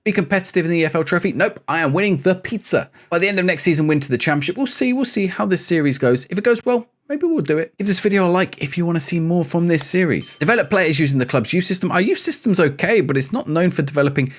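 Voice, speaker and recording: A man's voice: high-pitched, expressive, quick pace, few pauses. A man giving chatty, upbeat commentary on a football management game he is playing, with rambling asides. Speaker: gaming YouTuber.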